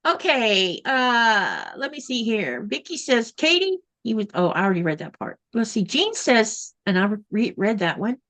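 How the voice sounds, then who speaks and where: A woman's voice: a little high, very animated, normal speed, hardly any pauses, a bit bright. Southern woman hosting a chatty livestream. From American South. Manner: chatty, reads comments aloud. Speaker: livestream host. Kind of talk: casual chat, reading viewer comments.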